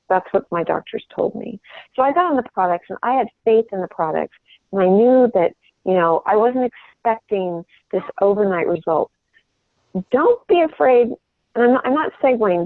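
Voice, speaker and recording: A woman's voice: medium pitch, dry recording. Earnest woman coaching over a phone line. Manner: earnest, rambling, restarts often. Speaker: sales trainer. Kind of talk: coaching call on sales. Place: home.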